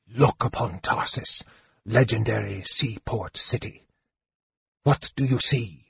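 Male narrator does a husky, bitter young mage whisper, slow and caustic. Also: lowish voice, lively intonation, no room sound, exaggerated voice. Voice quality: husky, breathy. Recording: dull dry recording.

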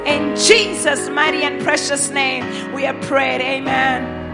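Fervent high-voiced woman leading prayer. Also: level tone, measured pace, over loud music. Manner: fervent, repetitive exhortation. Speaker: prayer leader. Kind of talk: fervent altar prayer with speaking in tongues. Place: live church service.

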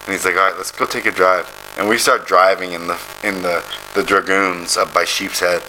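Man, low bright voice, rambling storyteller on a casual podcast, faint noise behind. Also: steady tone, brisk, low-quality recording. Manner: rambling storyteller, swearing, laughing often. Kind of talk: casual chat.

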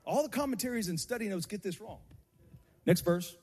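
Impassioned preacher in a reverberant hall. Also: male voice, high-pitched, animated, fairly quick. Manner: impassioned, rises to shouted and sung cadences. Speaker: pastor. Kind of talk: sermon. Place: church sanctuary. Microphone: handheld microphone.

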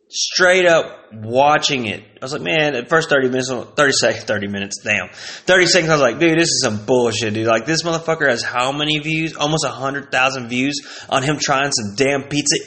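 A man's voice: mid-range voice, moderate pace, sharp tone. A man delivering a profane, rambling vlog rant with exasperated disbelief. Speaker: vlogger. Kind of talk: casual ranting monologue.

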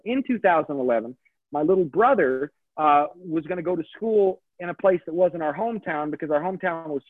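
A man's voice: high-pitched, no echo. A man in his thirties, a comedian, telling his story in a chatty, digressive way and often correcting himself. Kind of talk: casual storytelling interview. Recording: tinny phone-like line, dry.

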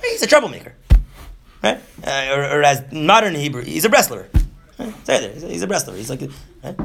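A man in his thirties gives a lively class lecture on Jewish texts, animated and often asking "right?" while acting out quick voices. His voice is a bit high with vocal fry, and faint music plays behind him.

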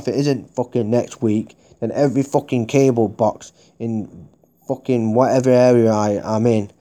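A man's voice: medium pitch, dark tone. A man hosting a podcast, delivering an angry, profanity-heavy rant that repeats itself as it builds. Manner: heavy swearing, heated and repetitive. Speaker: podcast host. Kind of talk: angry ranting monologue.

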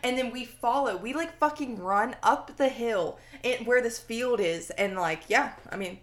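A young woman co-hosting a podcast, chatty and quick with interjections, swearing casually as she tells a story. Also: on the high side. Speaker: podcast co-host.

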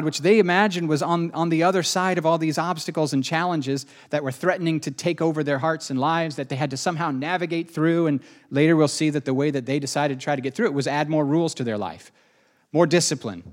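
A man preaching a sermon as the pastor of his church, conversational and emphatic, asking rhetorical questions. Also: a little high.

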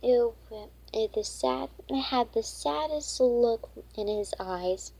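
A woman reading a children's chapter book aloud, halting and often going back to reread words. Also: a little high, vocal fry, warm tone, breathy edge, low-quality recording. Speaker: storybook reader.

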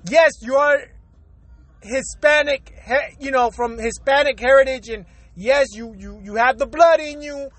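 Man with a puerto rican accent, very high voice, casual vlog monologue, rambling and blunt. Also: unhurried, fairly bright tone, no room sound. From Puerto Rico. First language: Spanish. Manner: rambling, repeats words, blunt and profane. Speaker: vlogger.

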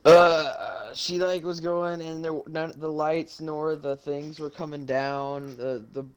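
A man's voice: a little high, fairly even intonation, takes it slowly, clean tone. A young man in a casual podcast chat, rambling and hesitant, filling his talk with likes and restarts. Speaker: podcast co-host.

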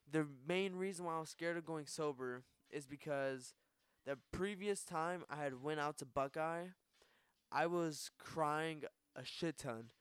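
A man's voice: on the high side, a bit bright, clear, resonant tone, dry recording. A young man hosting a podcast, telling a candid personal story in a rambling casual way, full of fillers and restarts. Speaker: podcast host.

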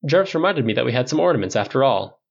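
A man voicing a wry, quick-witted man with a joking, breezy manner, in a dull lo-fi recording. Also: medium pitch, sing-song, creaky.

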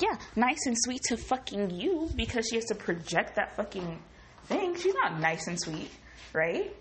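A woman hosting a podcast from her home kitchen, telling a story in a profane, rambling, animated way. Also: fairly high pitch, normal speed, slight background noise, poor audio. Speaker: podcast host. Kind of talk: casual storytelling monologue.

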